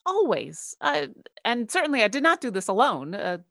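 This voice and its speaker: A woman's voice: on the high side, big pitch swings, normal speed, vocal fry, a bit bright, no room sound, studio quality, heavily acted. A woman playing an earnest, confident young woman adventurer.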